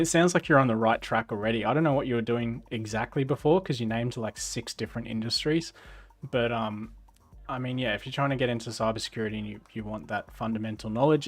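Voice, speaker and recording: A young Australian man hosting a casual livestream chat, relaxed and laughing often between drawn-out fillers. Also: medium pitch. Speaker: host.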